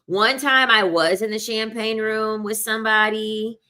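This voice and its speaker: A young adult woman telling personal stories in a casual, animated way, laughing often and acting out what people said. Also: on the high side, unhurried, clean tone. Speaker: video host. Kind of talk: casual storytelling.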